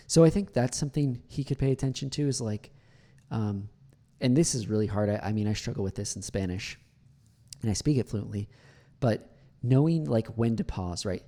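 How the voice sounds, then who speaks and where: A man who teaches English, commenting on a video clip, explaining pronunciation in a relaxed way with many fillers and slow demonstrations of words. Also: lowish voice.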